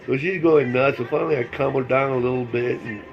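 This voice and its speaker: A man's voice: mid-range voice, steady tone, brisk. Older male vlogger, casual rambling storyteller, salty language, dull lo-fi audio. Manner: rambling, repeats phrases, casual cursing. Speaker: vlogger telling life stories.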